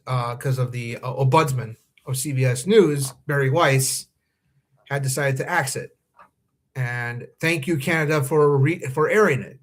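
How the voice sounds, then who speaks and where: Worried man hosting a live podcast. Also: mid-range voice. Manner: earnest and worried, with frequent ums and restarts. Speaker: podcast host. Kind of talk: live-streamed commentary monologue.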